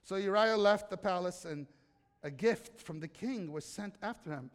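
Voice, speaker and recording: A pastor with a notably high voice preaches at a moderate pace, chatting and joking with the congregation and quizzing them along the way. A long reverb makes it sound like a big hall.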